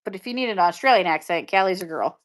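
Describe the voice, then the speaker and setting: A woman's voice: fairly low pitch, lively intonation, quick pace. A woman hosting a live-stream pin auction, chatting casually and upbeat with viewers and laughing often. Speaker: live shopping seller.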